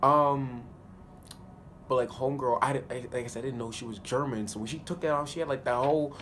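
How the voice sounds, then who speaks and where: A man chatting through a TV episode recap in an easygoing, slang-heavy way, laughing along as he goes. His voice sits at an ordinary middle pitch, and a faint hiss of background noise runs under it. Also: fairly quick. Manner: animated, slangy, laughs often. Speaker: TV show reviewer. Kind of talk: casual spoken episode review.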